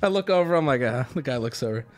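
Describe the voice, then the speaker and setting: Talking fast in a medium-pitched voice with faint music behind him, a male streamer relates a story to his chat. He's casual and animated, laughing, cursing and acting out different voices.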